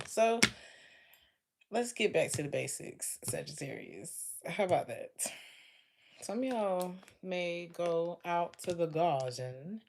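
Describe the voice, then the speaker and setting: Chatty low-voiced woman reading tarot. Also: darkish tone. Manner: chatty, laughs often, speaks straight to listeners. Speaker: tarot reader. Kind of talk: casual tarot reading to viewers.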